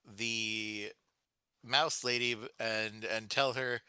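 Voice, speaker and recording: A man playing a tabletop game, speaking in a measured way. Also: fairly low pitch, steady tone, pushed and bright, smooth, dry recording. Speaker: player. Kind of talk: casual tabletop play.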